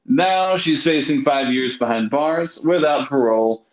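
A man's voice: medium pitch, measured pace. Man, casual talk-show host, laughs often, roomy echo. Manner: relaxed, laughs often, hesitant fillers. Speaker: radio host. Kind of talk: casual chat.

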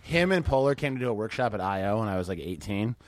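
A man's voice: fairly low pitch, very animated, quick pace. A man guesting on a podcast, telling stories in casual chat, laughing often and swearing freely.

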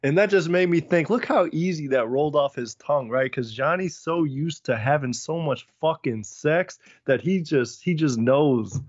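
A man's voice: a little high, dry recording. Easygoing young man who laughs a lot. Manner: easygoing, laughs a lot, lists names slowly. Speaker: podcast co-host. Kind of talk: casual chat. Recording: dull lo-fi dry recording.

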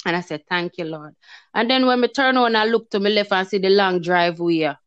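A guest shares an emotional personal testimony in casual conversation, acting out the things she once said with real feeling. She talks fast, and her medium-pitched voice is smooth. The sound is dull and lo-fi, without echo.

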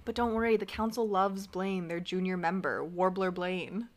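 A woman's voice: lowish voice, moderate pace. Young woman ranting about a tv episode, sarcastic, does little voices for quotes. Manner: sarcastic, animated, acts out quotes. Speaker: podcast co-host. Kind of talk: casual recap chat.

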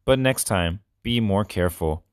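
A man playing a patient storybook band leader who speaks gently and encouragingly in a deep voice. The sound is close and dry. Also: normal speed, clear, resonant tone, no echo, natural voice.

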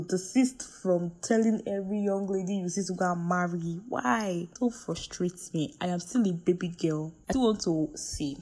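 A young woman with a Nigerian accent, talking to her viewers in a casual vlog and ranting in an exasperated, playful way, swinging from quiet asides to loud outbursts. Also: fairly low pitch. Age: young adult. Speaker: vlogger.

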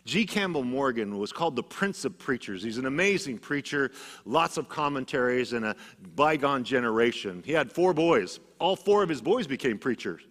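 Middle-aged guy preaching, storyteller vibe, goes loud then drops real quiet, big church echo trailing off. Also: lively intonation, normal speed. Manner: storytelling preacher, swinging from loud emphatic bursts to hushed low passages. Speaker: pastor. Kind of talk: sermon. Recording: long church reverb.

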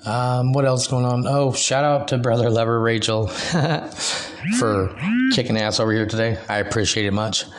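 A man's voice: medium pitch, normal speed, a little hiss or hum. A man hosting a loose solo podcast, talking in a rambling, profane way and laughing between thoughts. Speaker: podcast host.

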